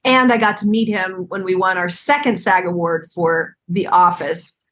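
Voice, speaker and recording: Reflective actress chatting as a guest. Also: female voice, lowish voice, a bit bright, a little hiss or hum. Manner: reflective, halting with fillers and restarts. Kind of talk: casual interview chat.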